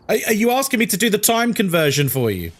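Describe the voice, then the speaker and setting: Chatty London streamer. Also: male voice, high voice. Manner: chatty, answers chat comments. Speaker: horror game streamer. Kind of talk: live-stream chat while gaming.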